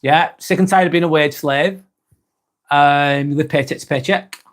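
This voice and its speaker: Laid-back man, higher voice. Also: steady tone, measured pace, a bit bright. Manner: laughs often, swears casually, easygoing. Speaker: livestream host. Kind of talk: casual live chat reading viewer comments.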